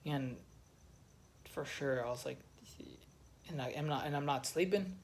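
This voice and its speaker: Man, slightly high voice, army veteran, raw personal monologue with frequent swearing, faint background hiss. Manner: raw, emotional, swears often, halting restarts. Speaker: army veteran telling his story.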